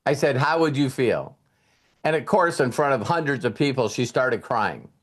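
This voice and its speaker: A man gives a casual motivational talk in an expressive, mid-range voice at normal speed. He tells a story and retells conversations, repeating words and restarting sentences.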